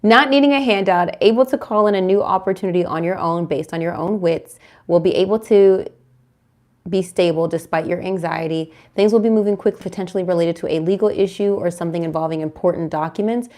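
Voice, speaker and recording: A woman's voice: lowish voice, steady tone, brisk, dark tone. A young woman tarot reader chatting casually to her viewers, sometimes breaking off to coo affectionately at her dog. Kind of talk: casual tarot reading chat to camera.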